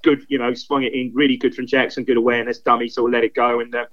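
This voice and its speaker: A man's voice: mid-range voice, flat delivery, fairly bright tone. A man in his fifties, a guest pundit in casual football chat, rambling and repeating himself as he recalls old matches. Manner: rambling, repeats himself, quick enthusiastic recollection. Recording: dull lo-fi remote line.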